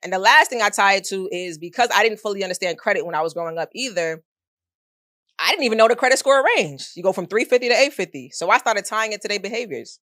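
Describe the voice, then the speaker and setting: A woman in her thirties, a middle school math teacher, telling stories in an animated, slangy way during a casual interview. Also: mid-range voice, fast talker, no room sound, clean studio sound. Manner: animated storyteller, slangy and expressive.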